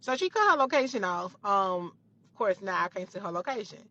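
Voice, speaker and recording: Young woman, bright forceful voice, storytime retelling, emphatic, profane, repeats herself, dry slightly dull recording. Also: medium pitch, sing-song, a little fast, no echo.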